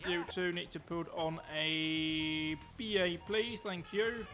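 A man giving excitable, chatty live commentary while he plays a game, joking to himself as he goes. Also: fairly high pitch, slow pace, over music. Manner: excitable, talks loud, quips at himself. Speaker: streamer.

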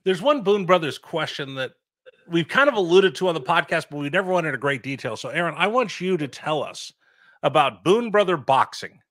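Higher-voiced man asking interview questions. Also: lively intonation, a little fast, fairly bright tone. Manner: conversational, leading questions. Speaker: podcast co-host.

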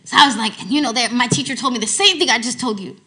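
An American woman teacher giving a sermon to a women's gathering, telling stories with lively swings from hushed to loud. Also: a little high, fast talker. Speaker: Islamic teacher.

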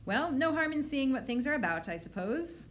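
A woman's voice: sits high, sing-song, normal speed, slight background noise, pitched above the performer's own voice. A woman voicing a fussy, pompous, thin male orphanage director, reading him aloud from a storybook.

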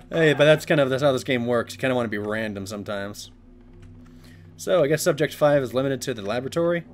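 A man's voice: a little high, fairly bright tone. A man giving jokey, sarcastic commentary while playing a horror game at home on a desk mic, talking back to the game. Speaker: let's play gamer.

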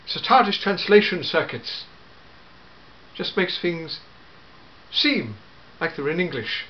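A man voicing an elderly, fussy, grandfatherly time-travelling gentleman in a fan audio drama, full of hmms and eh?s. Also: high-pitched, very animated, slow, lo-fi sound, a little hiss or hum, exaggerated voice. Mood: fussy, chatty. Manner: fussy, hesitant, peppered with hmms and eh?s.

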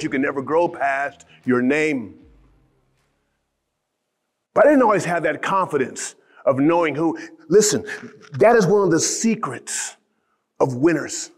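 A middle-aged man from Ohio giving a motivational keynote, telling stories with animated, shouted emphasis. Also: fairly high pitch. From Columbus, Ohio. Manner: animated, shouting storyteller with rising emphatic lines. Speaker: motivational speaker.

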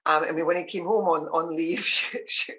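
A woman in her sixties from Scotland, telling family stories in a relaxed interview and laughing often. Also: low-pitched, normal speed, low-quality recording. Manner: warm storytelling, laughs often. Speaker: guest. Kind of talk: casual interview chat.

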